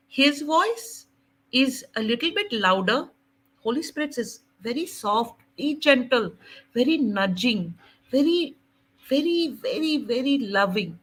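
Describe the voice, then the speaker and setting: A woman sharing her faith testimony in an animated, laughing way. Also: a little high, poor audio. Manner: animated, laughing often, dramatic quoting.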